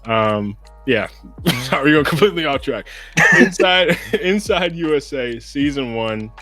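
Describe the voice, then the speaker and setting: A man's voice: mid-range voice, expressive, unhurried, a bit bright, soft background music. A man with an American accent co-hosting a casual sports podcast. He rambles in a laid-back way and keeps saying "bro.". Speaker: podcast co-host.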